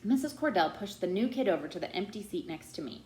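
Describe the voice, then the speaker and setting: A woman reading a children's novel aloud, narrating in an expressive, animated way. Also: mid-range voice, fast, slight background noise. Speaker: audiobook reader. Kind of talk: storytelling narration. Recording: roomy echo.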